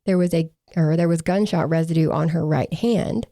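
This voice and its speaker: Dry, sarcastic woman with a gravelly voice. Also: low-pitched, normal speed, warm tone, no room sound. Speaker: true crime podcast co-host. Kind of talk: casual true crime chat, reading from case reports.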